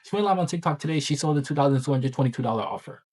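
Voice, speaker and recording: A man talking in a casual daily vlog about his coaching work, excited and rambling, full of slang and filler words. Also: a little high, rapid-fire, husky. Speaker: online business coach.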